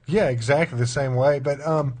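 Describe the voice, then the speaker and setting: A man's voice: mid-range voice, steady tone, normal speed, darkish tone, slightly rough. A man co-hosting a casual gaming podcast, telling laid-back stories with dry jokes. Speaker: podcast co-host.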